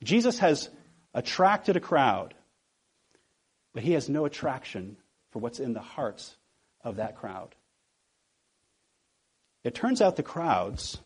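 A male pastor preaching a sermon, asking the congregation rhetorical questions and slowing down to stress key words. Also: mid-range voice, darkish tone, husky.

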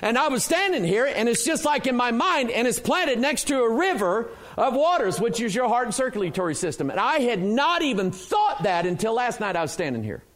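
A man's voice: extremely high pitch, sing-song, brisk, hardly any pauses, fairly bright tone. A man preaching a sermon in a church, asking the congregation questions and answering them himself with emphasis.

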